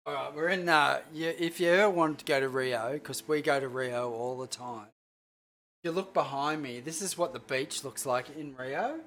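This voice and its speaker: Chef host, casual livestream cooking chat, rambling, a bit sweary, middle-pitched voice. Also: normal speed, fairly bright tone. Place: home kitchen.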